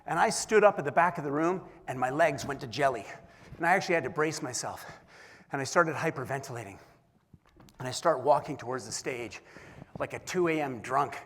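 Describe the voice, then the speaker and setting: A man giving a keynote speech, telling an animated, self-deprecating story and acting out the voices in it. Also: medium pitch, brisk. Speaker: keynote speaker. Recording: long hall reverb.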